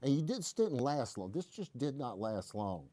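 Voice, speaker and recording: A man's voice: medium pitch, big pitch swings, normal speed, mellow. A man hosting a casual live stream from a gun shop, telling stories in a folksy, joking way. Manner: folksy, joking, rambling explanations. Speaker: host.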